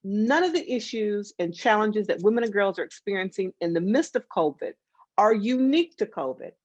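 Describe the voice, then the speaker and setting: A woman's voice: medium pitch, animated, moderate pace, a little mellow, dry recording. A woman panelist speaking emphatically and plainly, with a wry edge, over a video call. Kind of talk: conversational panel discussion. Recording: dull lo-fi video call audio.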